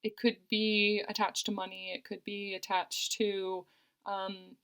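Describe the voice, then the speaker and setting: A woman's voice: medium pitch, level tone, measured pace, a bit bright, clean tone. A woman giving a tarot card reading, talking earnestly and reassuringly and often repeating her phrases. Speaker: tarot reader.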